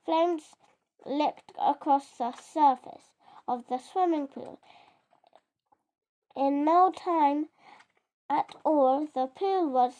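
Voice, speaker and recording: A child reading a picture book aloud, halting and often stumbling over words and correcting itself. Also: sits high, dark tone. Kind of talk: storybook reading.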